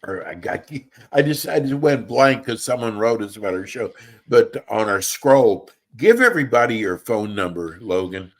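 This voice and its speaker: A man's voice: on the low side, lively intonation, moderate pace. A man hosting a live radio talk show, chatty and folksy, sometimes losing his train of thought. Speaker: host. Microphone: remote call with a bad connection.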